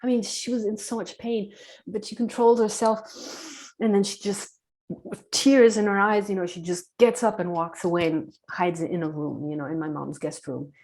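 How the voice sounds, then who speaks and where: A woman telling a personal story as a podcast guest, earnest, acting out dialogue in a hushed voice. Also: medium pitch, steady tone, normal speed.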